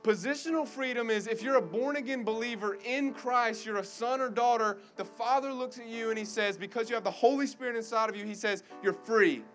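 A man's voice: very high voice, a little fast, few pauses, a bit bright, soft background music. A young man preaching a sermon to college students with an urgent, fervent delivery that repeats key lines. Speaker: guest preacher.

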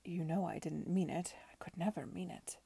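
A woman reading the part of a brooding, possessive young gentleman in a low, hushed, intense way. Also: steady tone, normal speed, gravelly, slightly rough, no echo.

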